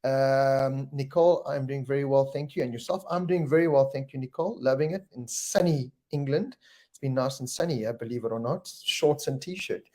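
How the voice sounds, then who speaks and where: A man's voice: mid-range voice, moderate pace, darkish tone. A middle-aged man with a South African accent, hosting a live stream in a casual, jokey way and reading out viewers' names and comments. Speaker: host.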